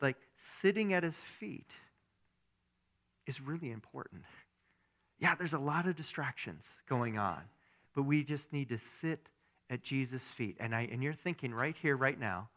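Bright-voiced, chatty male pastor. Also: medium pitch. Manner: conversational, animated, asks the congregation questions. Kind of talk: sermon.

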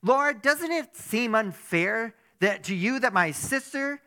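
A man voicing an upset woman who complains that her sister leaves her all the work, in a high, whiny tone during a sermon. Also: expressive, takes it slowly, sharp tone, heavily acted.

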